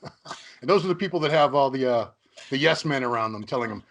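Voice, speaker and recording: Chatty host guy, slightly high voice, jokes around, long questions. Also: lively intonation, fairly quick, fairly bright tone. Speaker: interview host. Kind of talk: casual interview chat.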